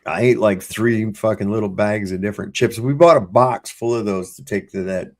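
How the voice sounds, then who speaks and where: Man, middle-aged, low voice, gravelly, profane casual storyteller, stream host. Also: normal speed. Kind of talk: casual chat.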